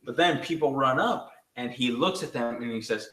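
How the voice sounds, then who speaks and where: A man from Oklahoma with a slight Southern accent, chatting casually as a show host in a profane, excitable, teasing way. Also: mid-range voice, normal speed, few pauses. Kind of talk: casual chat. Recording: echoey room.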